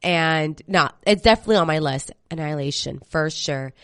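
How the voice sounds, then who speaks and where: Young woman, slightly congested, lowish voice, dry close mic, chatty podcast host. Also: a bit bright, no echo. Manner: chatty, quick with fillers and restarts. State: congested from a cold. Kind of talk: casual movie podcast chat.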